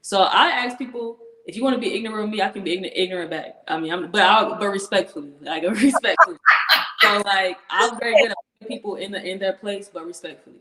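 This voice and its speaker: A woman's voice: mid-range voice, fast, hardly any pauses, fairly bright tone. A young woman, a professional football player, talking earnestly as an interview guest, laughing often and repeating herself as she talks. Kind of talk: casual interview chat. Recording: echoey room.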